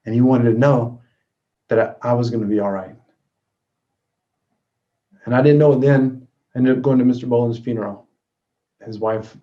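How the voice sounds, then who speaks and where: Male motivational storyteller, earnest, loud then hushed, warm low timbre, muffled audio. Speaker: motivational speaker. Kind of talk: storytelling talk. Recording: dull lo-fi recording.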